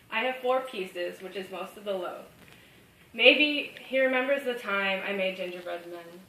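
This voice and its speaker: A young woman reading a personal essay aloud in a measured, reflective way. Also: medium pitch, slight background noise. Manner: reflective, measured, growing quieter. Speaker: student reader. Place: hall at a reading event. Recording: roomy echo, mic far off.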